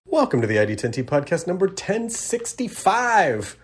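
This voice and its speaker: A man's voice: high voice, sing-song, moderate pace, husky. A man from Tennessee hosting his own podcast, talking in a rambling, self-correcting, friendly way. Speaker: podcast host. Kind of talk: casual podcast intro.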